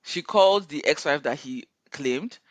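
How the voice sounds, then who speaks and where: A man tells a story in a relaxed, chatty recap. He often slips into quoted voices and keeps a lively, amused tone. The recording is close and dry. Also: fairly high pitch, a little slow, no room sound. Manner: animated retelling with frequent laughter and quoted voices. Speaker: co-host reviewing a viral video series.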